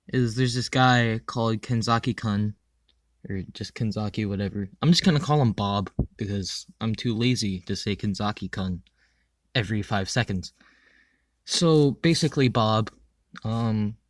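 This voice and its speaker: A young man casually reviewing an animated show in a crude, rambling way, full of ums and swearing. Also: mid-range voice, no echo. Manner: rambling, crude, filler-heavy with frequent ums. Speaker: anime reviewer.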